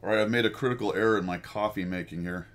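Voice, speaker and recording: A man's voice: lowish voice, fast, fairly bright tone. An American man hosting a casual chat with viewers, rambling and self-deprecating and laughing often. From United States. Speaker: host.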